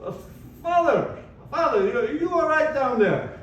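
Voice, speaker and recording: A man's voice: very high-pitched, animated, a little slow, fairly bright tone, muffled recording, slight background noise, pitched above the performer's own voice, heavily acted. A man putting on a sheepish male drunk driver, hesitant and cheeky. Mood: worried. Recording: echoey room, distant mic, audience.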